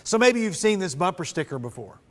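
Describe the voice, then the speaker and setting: A man giving a sermon to students, animated and dramatic when he reads scripture aloud. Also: high voice, brisk. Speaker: speaker at a student event. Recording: long reverb of a large hall.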